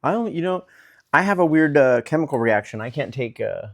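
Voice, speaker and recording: A man's voice: on the high side, animated, fairly quick, creaky. A man co-hosting a podcast, chatting casually and dropping short, wry quips. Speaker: podcast co-host. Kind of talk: casual chat.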